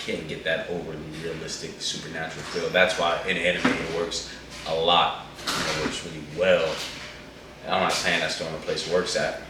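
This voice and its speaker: A man's voice: a bass voice, flat delivery, fairly quick, background noise. A man talking casually as a co-host, rambling and slangy as he reviews an anime movie. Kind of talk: casual chat. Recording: echoey room, far from the mic.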